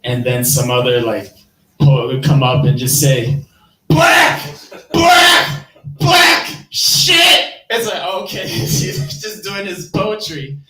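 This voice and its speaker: With faint music behind him, a man speaks a little slowly in a mid-range voice, sounding reverberant and distant on a rough recording. The Midwestern-accented comedian rambles through a self-deprecating live-stream set, cracking himself up along the way.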